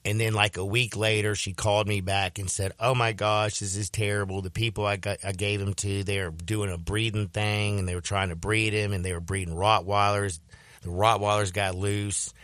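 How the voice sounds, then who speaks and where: A man hosting a sports radio show, telling a story in a casual, animated way and slipping into voices when he quotes people. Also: fairly low pitch, moderate pace, no echo.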